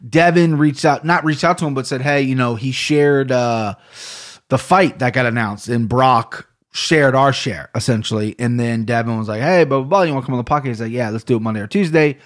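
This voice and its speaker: A man's voice: mid-range voice, a little fast. Laid-back Ohio man hosting a podcast. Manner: rambling, loose and profane. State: low energy. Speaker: podcast host. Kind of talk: casual solo podcast talk. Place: home room.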